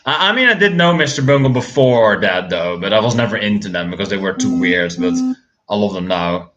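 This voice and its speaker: A man's voice: lowish voice, lively intonation, brisk, a bit bright, lo-fi sound. Man ranting, swearing and stammering. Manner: profane, ranting, frequent stammered restarts. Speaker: music reviewer. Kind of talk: casual reaction commentary on songs.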